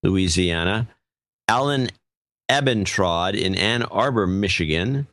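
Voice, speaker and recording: Man, low voice, podcast co-host, casual, trips over names, dry studio mic. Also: lively intonation, slow pace, fairly bright tone, dry recording. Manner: offhand, stumbles over names. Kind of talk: casual chat, reading donor names.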